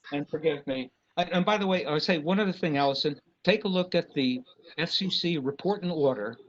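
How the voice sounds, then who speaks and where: Against a noisy background, an RF engineer consultant with a slightly high voice speaks at a public meeting. He sounds impassioned yet apologetic, breaking off and starting over frequently, and the meeting recording is dull and lo-fi.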